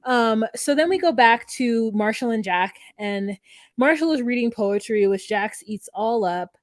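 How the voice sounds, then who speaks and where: A woman co-hosting a casual podcast, retelling scenes with lively quoted voices. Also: on the high side, measured pace, no room sound. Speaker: podcast co-host recapping a reality show. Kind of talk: casual chat.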